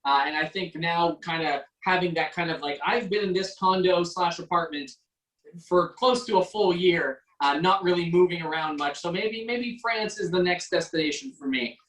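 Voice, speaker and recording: A man's voice: high voice, moderate pace, fairly bright tone, echoey room, distant mic, rough recording. A man from Quebec hosting a casual online cocktail class over a video call, joking and chatty with lots of fillers. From Quebec, Canada. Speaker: online mixology class host.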